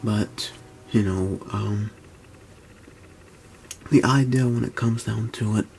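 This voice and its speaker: Man in his twenties, hushed halting vlog talk, gravelly low voice, faint hiss behind. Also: steady tone. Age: 20s. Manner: whispering and speaking low, halting, with restarts. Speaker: YouTuber. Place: at home, indoors.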